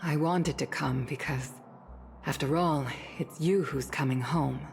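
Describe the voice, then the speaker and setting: An actress voicing a dignified older woman commander in a game, speaking softly, near a whisper, with a low, gravelly voice. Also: measured pace, faint music behind. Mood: gentle. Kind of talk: game voice acting.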